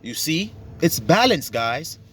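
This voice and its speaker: A man's voice: on the high side, very animated, slow pace, fairly bright tone, slight background noise. A man giving a casual, profane sermon, acting out little dialogues to make his points. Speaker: religious teacher.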